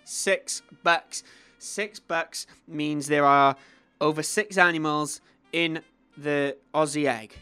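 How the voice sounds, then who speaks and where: A man hosting his own gaming channel, giving chatty gameplay commentary that swings between low mumbling and excited squeals. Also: takes it slowly, clear, resonant tone. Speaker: YouTube gaming channel host. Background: faint background music.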